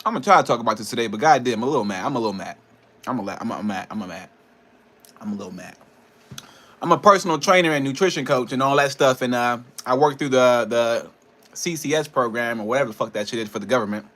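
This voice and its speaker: A man's voice: medium pitch, quick pace, a bit bright. A man, a personal trainer and nutrition coach, ranting in a casual vlog, frustrated and profane, rambling between laughs.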